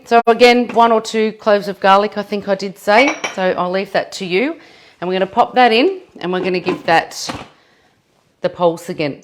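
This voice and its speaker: A woman with an Australian accent leading a live cooking demonstration in a kitchen, chatty and self-deprecating. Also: mid-range voice. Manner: chatty and self-deprecating, laughs at her own mess. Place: home kitchen.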